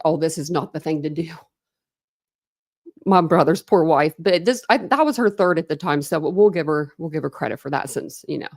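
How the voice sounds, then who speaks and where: A woman's voice: lowish voice, vocal fry, a little mellow, no echo, studio quality. A woman in her thirties hosting a casual true crime livestream, chatting and greeting viewers by name.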